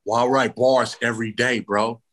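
A man from California, a rapper, talking casually in an interview with slangy, animated storytelling. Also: mid-range voice, moderate pace. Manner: slangy, animated storytelling with many repeated starts. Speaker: rapper guest.

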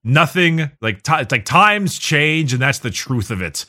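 A grumpy old male warrior, gruff and blunt with a dry amused streak, as a man puts him on while telling a story. The tone is bright and forceful, set a little higher than a plain talking voice. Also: very animated, a little slow, exaggerated voice. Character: grumpy ancient male warrior in a war machine.

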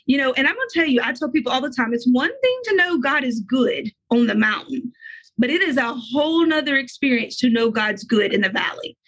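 Middle-aged woman guest, husky, rather high voice, earnest faith testimony. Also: lively intonation, fairly bright tone, low-quality recording. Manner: earnest, emotional, fast bursts of speech.

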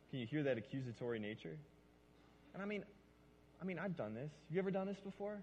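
A male pastor preaching a lively sermon and acting out lines. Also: fairly high pitch, quick pace, pauses often, breathy edge, dull audio. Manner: animated, acts out lines. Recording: long reverb of a large hall.

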